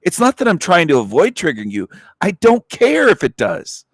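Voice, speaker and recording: A man's voice: high-pitched, huge pitch swings, normal speed, slightly rough, dry recording, clean studio sound. A man hosting a livestream in a blunt, profane angry rant, with scornful laughs scattered through it. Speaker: livestream host.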